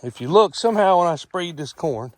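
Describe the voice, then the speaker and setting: A man's voice: on the high side, lively intonation, brisk. A middle-aged man with an Eastern Shore accent, a farmer walking a cornfield outdoors and explaining things plainly, repeating himself as he goes. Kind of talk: casual vlog walkthrough.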